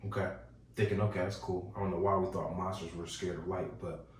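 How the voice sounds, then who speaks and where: A man hosting a podcast, telling a ghost story in a casual, animated way and chuckling as he goes. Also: low-pitched, a little fast, a little hiss or hum. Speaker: podcast host. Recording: echoey room, distant mic.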